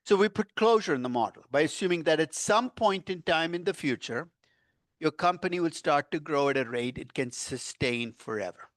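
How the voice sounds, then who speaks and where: An older male finance professor giving a university lecture, animated and quizzing his class, stressing key words as he explains. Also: fairly high pitch, normal speed, no echo, studio quality. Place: lecture room.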